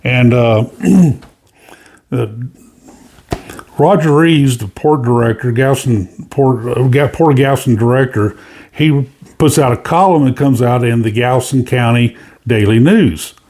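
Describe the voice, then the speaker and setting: A man's voice: mid-range voice, measured pace, darkish tone. A man hosting casual cruise news commentary, rambling with many fillers and restarts.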